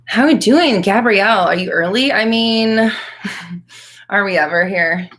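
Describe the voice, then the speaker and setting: Woman on a livestream q&a, chatty and blunt, cusses a lot, middle pitch. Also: a little slow, a bit bright. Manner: chatty and blunt, swears freely, laughs often. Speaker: manifestation coach hosting a live Q&A. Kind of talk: casual live-stream chat.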